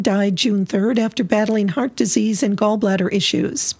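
Husky-voiced woman radio announcer. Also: medium pitch. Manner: steady, measured announcer reading. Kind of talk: reading weather and obituaries on local radio.

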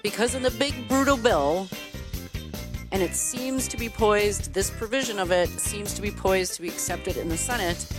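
A woman's voice: mid-range voice, moderate pace, music in the background. A woman from Wisconsin answering listener questions as a political commentator, in an emphatic, detailed, earnest way. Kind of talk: explanatory talk.

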